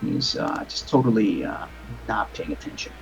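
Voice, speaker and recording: A man's voice: deep voice, huge pitch swings, moderate pace, gravelly, dull audio, soft background music. A man narrating as game master of a tabletop game over a voice call, rambling with many fillers and restarts.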